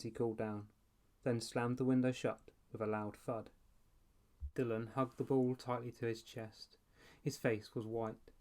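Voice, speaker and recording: Thirties male reader, lively storybook narration. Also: medium pitch, moderate pace. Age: 30s. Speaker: audiobook reader.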